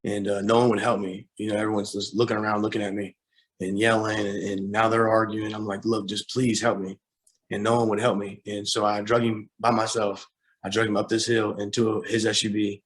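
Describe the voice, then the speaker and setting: A young man recounts a painful episode from his past as a guest. His voice sits low and moves little in pitch, and he halts, restarts and leans on fillers, sounding shaken and close to tears. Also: level tone. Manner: halting, with many fillers and repeated starts. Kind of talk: personal story in an interview.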